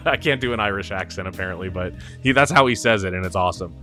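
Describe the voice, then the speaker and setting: Bright-voiced chatty man. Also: low voice, quick pace, soft background music. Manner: animated and chatty, laughs often, restarts and repeats words. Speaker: host of a live stream. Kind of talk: casual stream commentary.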